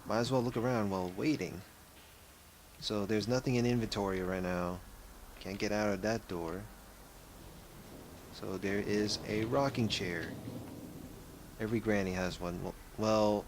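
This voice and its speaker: A man's voice: fairly low pitch, fairly even intonation, moderate pace, long pauses, slight background noise. A young man giving casual gameplay commentary, rambling and often correcting himself. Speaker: let's play gamer.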